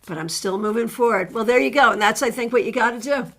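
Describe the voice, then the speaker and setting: A middle-aged woman hosting a live tarot stream, chatting warmly as she greets viewers by name and reads their cards. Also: fairly high pitch, fast.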